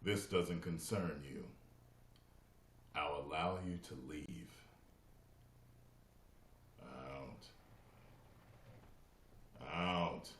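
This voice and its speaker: A man doing an impression of a fierce martial arts hero's English dub voice, clipped and building to shouted commands. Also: rumbling low, extremely slow, pauses often, reverberant, slight background noise, pitched below the performer's own voice, heavily acted. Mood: threatening.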